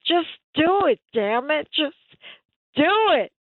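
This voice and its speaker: A woman's voice: high-pitched, animated, slow, dry recording. A woman from New York calling in to a radio show, gushing and blunt in her emphatic way. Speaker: caller. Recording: tinny phone line.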